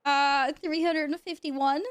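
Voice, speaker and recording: A woman livestreamer chatting casually with her viewers; she is excitable, laughs often and swears when amazed. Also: sits high, takes it slowly, background noise. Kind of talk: casual stream chat with viewers.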